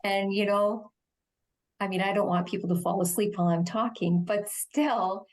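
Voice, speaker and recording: A middle-aged woman with a quiet, soothing voice, speaking slowly and gently as a guest explaining de-escalation in a TV interview. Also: medium pitch, fairly even intonation. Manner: slow, measured, gentle delivery. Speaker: shelter executive director, interview guest.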